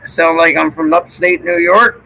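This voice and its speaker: This middle-aged Newfoundlander has a gravelly voice that's fairly high in pitch with a sharp tone and little pitch movement, and he speaks unhurriedly. On a low-quality recording, he chats casually with his local accent, swearing a lot.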